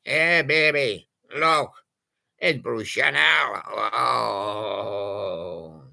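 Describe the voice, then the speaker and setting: A man's voice: medium pitch, extremely slow, vocal fry, sharp tone. A man, possibly older, doing playful, punning oldies radio patter and breaking into snatches of old songs. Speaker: radio presenter.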